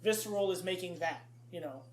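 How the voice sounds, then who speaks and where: A man co-hosting a casual podcast chat, excited and quick to laugh. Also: high-pitched, echoey room. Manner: excited, laughs often, quotes movie lines. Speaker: podcast co-host.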